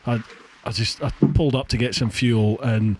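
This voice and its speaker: A man's voice: mid-range voice, steady tone, normal speed, slight background noise. A Scottish man hosting a casual podcast interview over a video call, dropping wry joking asides. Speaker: podcast host.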